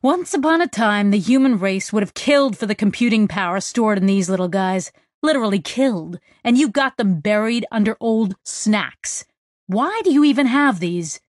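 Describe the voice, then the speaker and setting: A woman's voice: medium pitch, lively intonation, normal speed, no echo, clean studio sound, close to an everyday voice. A woman voicing a wry, exasperated young man. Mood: incredulous. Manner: wry and incredulous.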